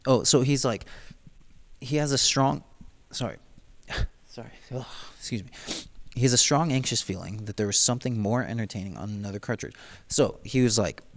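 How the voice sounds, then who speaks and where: A man's voice: medium pitch, moderate pace, long pauses. A man casually reading through a novel and talking it over, rambling and slangy, with lots of "like" and "dude". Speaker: book reader and commentator. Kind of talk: casual book read-through commentary.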